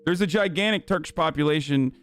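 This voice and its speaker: A man's voice: fairly high pitch, quick pace, a bit bright, faint music behind. A man hosting a livestream, giving heated, profane commentary with lots of fillers. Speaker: livestream host.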